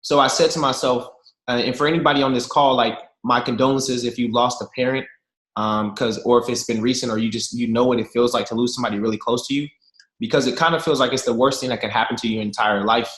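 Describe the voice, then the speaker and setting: On a video call from an echoey room, a man in his 30s entertains a group with animated, slangy, joke-filled stories, addressing his listeners directly. He speaks fast at a medium pitch.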